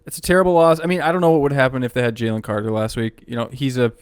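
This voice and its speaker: A man's voice: medium pitch, fairly even intonation, racing, smooth, no echo. Laid-back man in a sports podcast chat. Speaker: podcast co-host.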